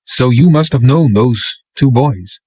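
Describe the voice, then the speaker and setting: A man reading an audiobook, voicing a steady, dry-humored naval petty officer who speaks mildly and wryly. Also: mid-range voice, a little slow, breathy edge, no room sound, pitched above the performer's own voice, rough recording. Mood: gentle. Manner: mild, wry.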